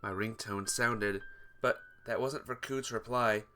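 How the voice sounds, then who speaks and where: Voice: medium pitch, fairly even intonation, measured pace, sharp tone, slight background noise. A streamer reading a visual novel aloud, greeting viewers between lines. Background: guitar music.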